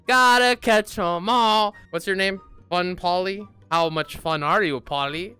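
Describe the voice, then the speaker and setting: A man doing goofy, excited commentary while playing a VR game, with loud outbursts. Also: high voice, unhurried, smooth, soft background music. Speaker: gaming YouTuber.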